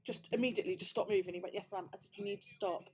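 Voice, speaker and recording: A woman's voice: medium pitch, fairly even intonation, racing, a little mellow, soft background music. A British woman vlogger telling a story in casual chat, swearing freely and acting out the quoted dialogue. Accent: British English. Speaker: crafting vlogger.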